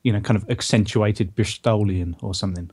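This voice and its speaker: A man's voice: on the low side, a little fast, a little mellow, breathy edge. A man on a casual podcast panel, musing and a little hesitant.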